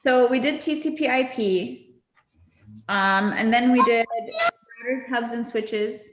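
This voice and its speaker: A woman's voice: a little high, sing-song, slow, fairly bright tone, roomy sound, slight background noise. A woman hosting a casual livestream, chatty and laughing often with lots of fillers. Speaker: livestream host. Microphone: video call.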